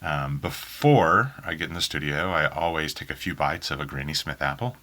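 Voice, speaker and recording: A man's voice: extremely low pitch, normal speed, pushed and bright. A man from Oklahoma with a faint Southern accent, an audiobook narrator answering interview questions in a rambling way full of ums. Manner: rambling, many ums and restarts. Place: small home booth in a spare bedroom.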